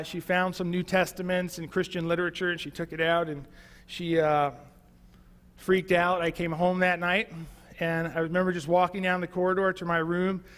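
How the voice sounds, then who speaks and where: A pastor shares his testimony in an easy, conversational sermon full of fillers and restarts. His voice sits high for a man. The sound rings with the long reverb of a church hall. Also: fairly bright tone. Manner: conversational storytelling with many fillers.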